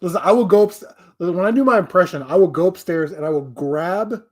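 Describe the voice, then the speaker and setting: A man's voice: sits high, a little fast. Rambling, foul-mouthed male streamer. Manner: rambling, profane, self-deprecating. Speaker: livestream host. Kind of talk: casual live-stream chat.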